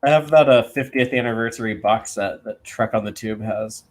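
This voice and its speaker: A man joining a casual fan commentary as a guest, relaxed and chatty. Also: lowish voice, normal speed. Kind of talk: casual chat.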